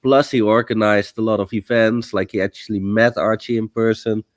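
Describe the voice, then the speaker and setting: A man calling in to a livestream, explaining his view in a measured way. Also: fairly low pitch, little pitch movement, no room sound, studio quality. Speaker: caller. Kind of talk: call-in chat.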